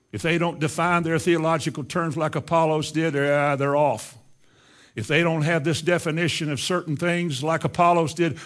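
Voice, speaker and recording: An older man preaching a sermon in a folksy, emphatic way, moving from quiet asides to loud insistence. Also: on the high side.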